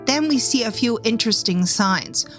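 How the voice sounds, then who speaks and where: A woman's voice: on the high side, lively intonation, moderate pace, soft background music. Woman narrating game trailer analysis. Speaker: gaming video host. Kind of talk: scripted video commentary.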